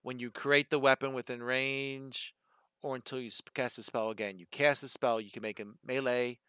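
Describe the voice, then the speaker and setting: Bright, crisp-voiced Philly dungeon master. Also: male voice, mid-range voice, fairly even intonation, moderate pace, no room sound, clean studio sound. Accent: Philadelphia. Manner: thinking aloud while reading rules. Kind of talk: running an online tabletop game.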